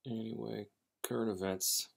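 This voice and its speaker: A man hosting a storytelling channel, chatting casually before a reading, rambling and halting with many fillers and restarts. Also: on the low side, flat delivery, gravelly.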